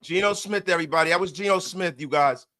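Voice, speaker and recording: Excitable high-voiced fan show host. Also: male voice, fast. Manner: excitable, loud, repeats himself, banters with chat. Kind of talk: live-stream post-game chat.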